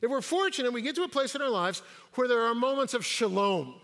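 An older man in his sixties delivers a sermon with a high, bright, forceful voice. He tells stories with light quips and occasional stumbles. His voice rings out with the long reverb of a church hall. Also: expressive, quick pace. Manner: storytelling with quips and hesitations. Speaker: guest pastor. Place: church sanctuary.

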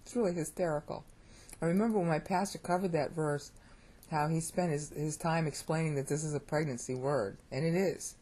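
A middle-aged American woman with a low, husky voice teaches Bible Greek in a chatty, animated way. Her tone is warm and mellow, and it jumps up whenever something excites her. She keeps asking her viewers "okay?" and pokes fun at her own pronunciation. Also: fairly quick. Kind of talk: casual video lesson.

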